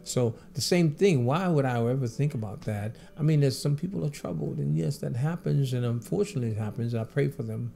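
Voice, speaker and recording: A man's voice: mid-range voice, brisk, gravelly, hardly any pauses, warm tone. A man, a professional drummer, answering fan questions and telling personal stories in an earnest, repetitive way that piles phrase on phrase.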